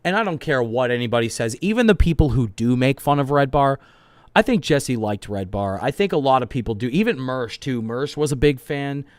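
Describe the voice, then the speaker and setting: Male commentator, mid-pitched, casual and profane, dry close mic. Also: animated, a little fast, no echo.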